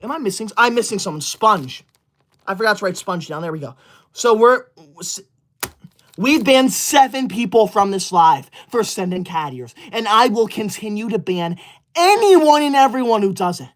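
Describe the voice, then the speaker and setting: A man's voice: sits high, big pitch swings, moderate pace. A man playing a touchy, self-righteous teacher's-pet boy livestreamer who scolds and bans his viewers in melodramatic outbursts. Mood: indignant. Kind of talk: comedic character skit.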